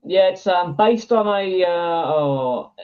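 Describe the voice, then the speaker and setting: British man, guest, casual chat, halting delivery, slightly high voice, phone-quality audio. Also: animated. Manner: plain, halting, many ums. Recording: tinny phone-like line.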